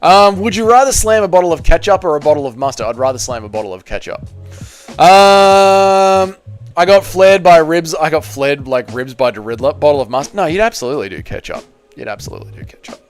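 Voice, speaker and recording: Smooth-voiced Australian man, chatty streamer. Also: on the high side, lively intonation, a little fast, faint music behind. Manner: rambling, jokey, swears casually. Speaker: livestream host reading chat. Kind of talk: casual live-stream chat.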